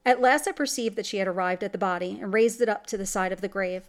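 A woman's voice: medium pitch, quick pace. A woman reading a classic gothic horror story aloud in scripted narration, with dramatic delivery. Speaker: story reader.

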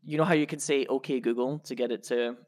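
A woman's voice: very deep voice, fairly even intonation, quick pace, darkish tone. A Scottish woman co-hosting a casual podcast. She talks things through aloud with plenty of fillers and laughs easily. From Scotland. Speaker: podcast co-host. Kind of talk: casual chat about a science article.

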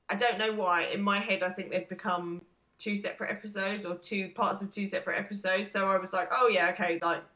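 A woman's voice: medium pitch, sharp tone. A woman in her thirties co-hosting a podcast, chatting thoughtfully and hedging her views. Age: 30s. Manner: thoughtful, hedging, laughs easily. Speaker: podcast co-host. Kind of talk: casual chat. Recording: roomy echo.

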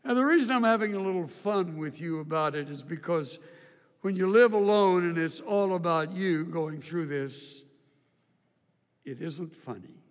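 Older male preacher, slow and high. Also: long reverb tail. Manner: folksy storytelling with humor, repeats words. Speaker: pastor. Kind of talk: sermon. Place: church auditorium.

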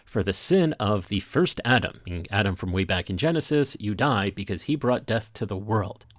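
A man's voice: on the low side, animated, moderate pace, dry recording. A man hosting a weekly podcast as a rabbi, reading Hebrew passages aloud and translating them line by line. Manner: reads Hebrew text then translates line by line. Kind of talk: podcast text study.

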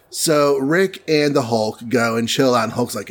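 A man casually recapping a comic book story on a podcast, playfully acting out the characters' lines. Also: medium pitch. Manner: playful, acts out characters in quick voices.

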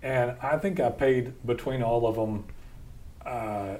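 This podcast host talks slowly in a medium, slightly mellow voice, laughing a lot as he shares plain-spoken, homespun tales of how he started his company.

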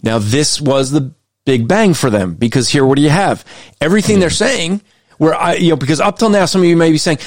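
A man's voice: a little high, animated, dry recording, studio quality. Emphatic man arguing a point. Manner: emphatic and argumentative, slows down to read quotes aloud. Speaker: Christian commentator. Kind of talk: critical commentary on a list of values.

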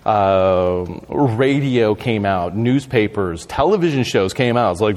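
A man telling a story as a podcast guest, animated and laughing, acting out shouted quotes. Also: fairly low pitch, slow pace, hardly any pauses, long reverb tail. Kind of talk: casual storytelling.

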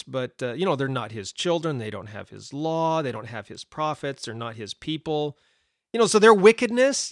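A man's voice: a little high, no echo, clean studio sound. Emphatic man teaching a Bible study. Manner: animated, emphatic with repeated stresses and brief laughs; restarts and fillers, conversational asides.

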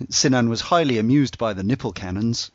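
A man in a casual podcast discussion, talking in a relaxed, rambling way with lots of "uh" fillers. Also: medium pitch, highs cut off. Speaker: podcast panelist walking through game bosses.

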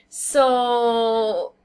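A woman co-hosting a casual podcast chat, explaining her views at length with thoughtful pauses and fillers. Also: on the high side, darkish tone, a little hiss or hum. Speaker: podcast co-host. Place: living in China.

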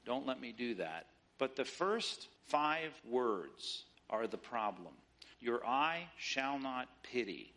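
A man's voice: mid-range voice, sing-song, slow, a bit bright. A man preaching a sermon in an emphatic, rhetorical way, often mimicking the views he argues against. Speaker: pastor.

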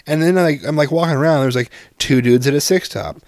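A man's voice: a little high, a little fast, few pauses, a little mellow, no echo, clean studio sound. A man in his thirties telling a story in casual chat, exasperated and profane, rambling with lots of fillers.

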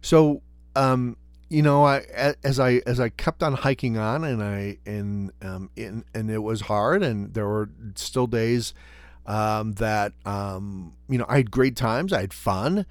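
A middle-aged man reflecting earnestly on hard times, talking in a halting way with lots of fillers and restarts. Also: on the low side, no echo. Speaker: storyteller recounting his hike. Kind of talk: casual spoken reflection.

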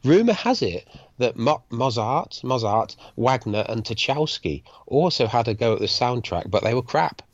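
A man's voice: mid-range voice, big pitch swings, moderate pace, dry recording. An English man co-hosting a podcast, chatting casually about arcade games and reading out tips in a jokey way. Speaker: podcast co-host. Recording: dull lo-fi dry sound.

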